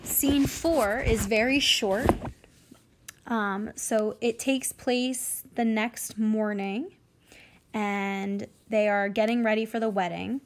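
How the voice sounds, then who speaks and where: A woman's voice: fairly high pitch, fairly even intonation, slow. A woman teacher who reads a play aloud to her class and explains it in plain, casual terms.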